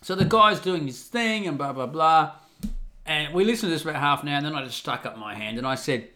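A man casually telling a story and reading aloud, with animated, sweary, mocking outbursts. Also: on the high side, a little fast. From English-speaking, not Italian.

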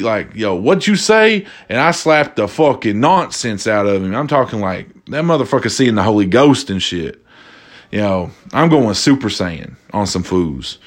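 Man, young adult, casual monologue, profane, animated, mid pitch. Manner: animated, profane, acts out quoted voices.

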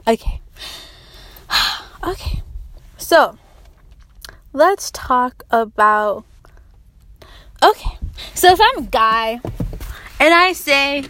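A woman's voice: high-pitched, animated, extremely slow, long pauses, a bit bright, slight background noise. A young woman hosting a casual podcast chat, blunt and profane, laughing often. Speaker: podcast host.

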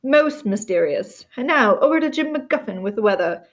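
A woman voicing a formal, smooth male TV newscaster in an audiobook reading. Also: fairly high pitch, lively intonation, normal speed, close to an everyday voice. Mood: announcing.

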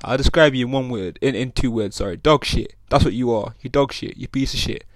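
A man's voice: mid-range voice, a little fast, no echo. A young man with talking in a casual solo podcast, rambling and swearing a lot. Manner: rambling, swears a lot, keeps asking "you know what I'm saying". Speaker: podcast host. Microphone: own podcast mic.

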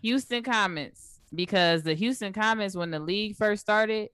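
A young woman co-hosting a casual sports chat show, laughing often and walking through stats in relaxed slangy talk. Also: mid-range voice, normal speed, clear, resonant tone, no room sound. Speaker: co-host.

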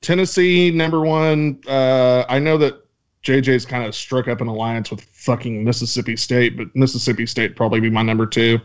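A man's voice: mid-range voice, fairly even intonation, moderate pace, clear, resonant tone. Casual man reading listener mail, lo-fi. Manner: joking, swearing, reads listener questions. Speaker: podcast co-host reading mailbag. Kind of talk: casual podcast banter. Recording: dull lo-fi audio.

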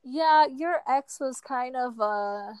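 A young woman with a fairly high voice gabs animatedly as a co-host, swearing freely and getting chores done as she talks. The sound is close and dry, with no room around it. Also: slow, clean tone, no echo, poor audio. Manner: chatty, animated, swears freely, multitasking chores while talking. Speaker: podcast co-host. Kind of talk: casual chat.

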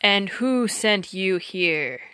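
A woman voicing a huge, ancient male giant lord who speaks slowly and commandingly. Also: expressive, pushed and bright, clean tone, no echo, studio quality, heavily acted. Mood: stern. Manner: slow, booming, commanding.

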